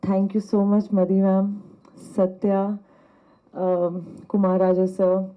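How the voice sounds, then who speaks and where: A young actress from Punjab, giving a grateful, effusive stage speech at a press event, laughing between phrases. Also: female voice, mid-range voice, completely flat delivery, takes it slowly. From Punjab, India. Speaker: actress at a trailer launch. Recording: dull lo-fi event audio.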